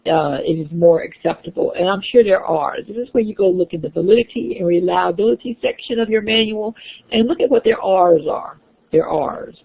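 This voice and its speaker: Gravelly woman lecturing over a tinny line. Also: fairly low pitch, fairly quick. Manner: explanatory, with frequent restarts and fillers. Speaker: instructor. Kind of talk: classroom lecture. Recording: tinny phone-like lecture recording.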